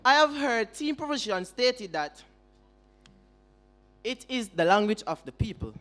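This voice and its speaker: Young man, Jamaican accent, debate speech, very high bright voice, rhetorical. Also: sing-song, measured pace, faint music behind. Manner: rhetorical, questions the audience and opponents directly. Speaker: student debater, first opposition speaker. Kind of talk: formal competitive debate speech.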